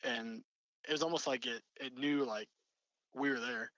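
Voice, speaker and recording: A man's voice: mid-range voice, fairly even intonation, moderate pace, bright, forceful tone, no echo, highs cut off. A young man telling a story casually, rambling with lots of fillers and restarts. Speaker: storyteller recounting an encounter.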